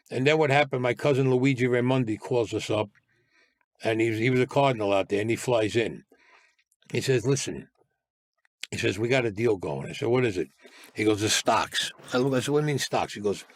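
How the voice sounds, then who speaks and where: A man's voice: medium pitch, no echo. An older man with a New York Italian-American accent, telling his life story as a guest, bluntly and with swearing, acting out the voices of others. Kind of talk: animated storytelling with quoted dialogue.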